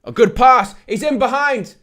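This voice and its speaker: With a very high voice and a moderate pace, a man hosts a live football watch-along. Excitable play-by-play alternates with playful chat with his audience, punctuated by laughter and rising shouts at near-misses.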